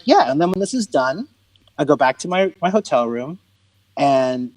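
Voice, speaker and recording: A man's voice: fairly high pitch, expressive, normal speed, darkish tone, no room sound, low-quality recording. A middle-aged man, a comedian guest, telling stories in conversation and acting out quoted lines with big swings. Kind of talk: conversational storytelling.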